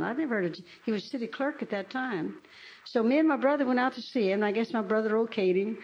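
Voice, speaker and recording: A woman's voice: a little high, quick pace. An older woman from Arkansas, a country singer, telling homespun stories on stage between songs and laughing as she talks. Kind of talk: folksy onstage storytelling between songs. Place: live stage at an outdoor folk park venue. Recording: dull lo-fi live recording with loud guitar music.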